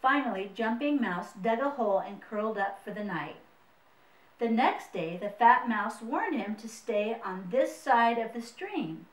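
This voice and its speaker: A woman's voice: on the high side, lively intonation, measured pace, recorded from a distance. Woman reading a picture book aloud. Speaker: storyteller. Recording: roomy, mic set away.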